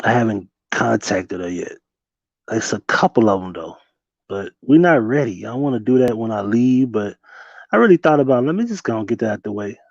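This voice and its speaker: Young man, relaxed livestream host; mellow tone, dry slightly muffled desk mic, easy laughing delivery. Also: lowish voice, brisk, creaky, no echo. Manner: loose, laughing, slangy, talks to chat. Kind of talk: casual late-night livestream chat.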